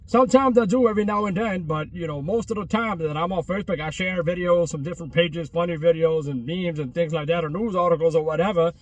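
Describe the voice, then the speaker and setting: A travel vlogger in his 30s rambles casually outdoors at a closed restaurant, repeating himself and restarting often, full of street slang. His voice is on the high side and fast with hardly any pauses, recorded dry and far from the mic.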